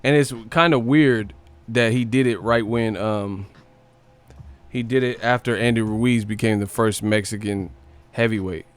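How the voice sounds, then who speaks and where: A man's voice: lowish voice, unhurried, clear, resonant tone. A young man, hosting a casual live stream and talking in a slangy, profane way. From Northern California. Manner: slangy and profane, mocks with put-on voices and laughter.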